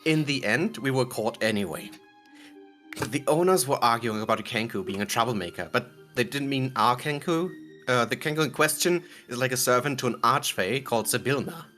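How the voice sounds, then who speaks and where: Giggly man with a bright tense voice. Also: medium pitch, expressive, normal speed, faint music behind. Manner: giggly, rambling, self-correcting. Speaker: player recapping the last session. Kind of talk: casual recap of a tabletop game.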